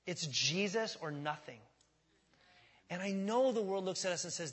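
A male pastor preaching a sermon in a church, emphatic and repetitive, swinging from quiet to loud. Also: sits high, a little slow. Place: church sanctuary. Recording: long church reverb.

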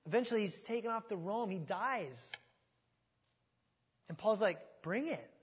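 A man preaching a sermon in a casual, conversational way, swinging from loud pleading to quiet, low asides. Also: a little slow, slightly rough. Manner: conversational, dramatic retelling with big swings in volume. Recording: reverberant hall.

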